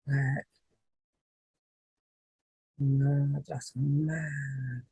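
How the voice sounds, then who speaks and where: A woman's voice: extremely low pitch, level tone, very slow, mellow, breathy edge, low-quality recording. A woman, a spiritual reader telling an emotional personal story in a rambling, heartfelt way on her vlog.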